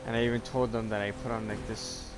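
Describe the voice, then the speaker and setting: A man talking casually in a personal vlog, halting and rambling with many restarts, earnest and confessional. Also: fairly low pitch, flat delivery. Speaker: YouTuber. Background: music playing.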